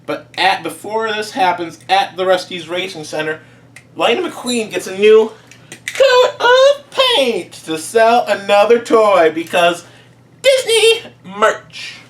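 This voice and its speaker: A man's voice: high voice, unhurried, recorded from a distance, noisy background. A man giving a comedic, rambling recap of a movie plot in a playful way.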